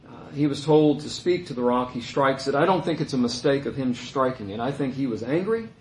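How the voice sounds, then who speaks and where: Animated man teaching scripture. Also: brisk, slight background noise. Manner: animated, voice rising high when quoting complainers. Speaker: Bible teacher. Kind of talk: conversational Bible teaching. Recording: roomy echo.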